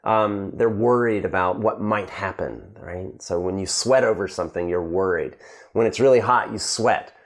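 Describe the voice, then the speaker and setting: A man's voice: low-pitched, normal speed, creaky. A man teaching English slang to learners, acting out short example lines and often checking in with "right?". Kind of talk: slang lesson to camera.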